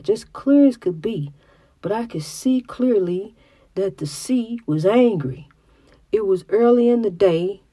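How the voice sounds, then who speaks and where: A woman's voice: a little high, warm tone, no room sound. Woman, middle-aged, country-talking, slight stutter, preachy testimony, close dry sound. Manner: preachy, testifying, restarts words. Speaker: mother. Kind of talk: religious testimony monologue.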